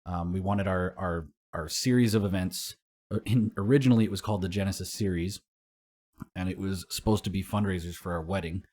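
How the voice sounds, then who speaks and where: A man's voice: low-pitched, steady tone, fairly quick, darkish tone. A young man co-hosting a casual podcast, telling rambling stories full of swearing and laughter. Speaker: podcast co-host.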